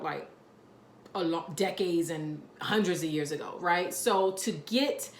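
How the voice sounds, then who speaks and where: A woman's voice: lowish voice, reverberant, a little hiss or hum. A woman giving a casual pick-a-card tarot reading, chatty and rambling with lots of fillers.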